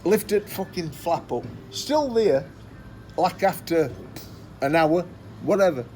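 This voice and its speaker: Swearing man, lively pitch. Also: measured pace, slight background noise. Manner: swears constantly, rambling and repetitive. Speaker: storyteller. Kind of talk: casual anecdote telling.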